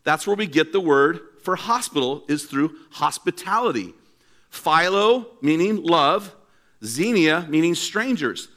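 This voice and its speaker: An older man preaching a sermon in a church, telling stories and acting out quotes with lively energy. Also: fairly high pitch, measured pace. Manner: animated storytelling preacher, acts out quotes. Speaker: pastor.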